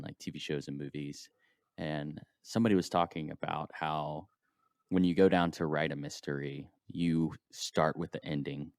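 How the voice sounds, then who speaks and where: A man hosting a casual interview who talks in a relaxed, hesitant way full of fillers. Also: extremely low pitch, no room sound, studio quality.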